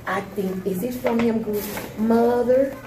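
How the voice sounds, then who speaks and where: At an indoor party, a woman in her thirties, the guest of honor, opens gifts while gushing and laughing often in casual chat. Her voice is on the high side and slow, and the room is echoey with loud background noise.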